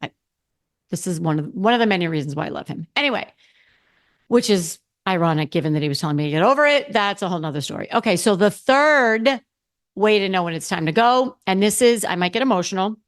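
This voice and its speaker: With an animated, mid-range voice and a quick pace, a middle-aged woman talks candidly on her solo podcast. The casual talk rambles, full of restarts and self-corrections.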